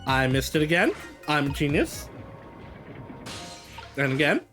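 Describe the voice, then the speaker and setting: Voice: medium pitch, sing-song, unhurried, a bit bright, soft background music. A streamer giving playful, joking commentary during a live game playthrough.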